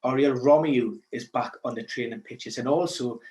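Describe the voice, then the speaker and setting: A man with a Geordie accent chatting casually as a podcast co-host, animated and joking. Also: mid-range voice, moderate pace, roomy sound. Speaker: podcast co-host, football pundit.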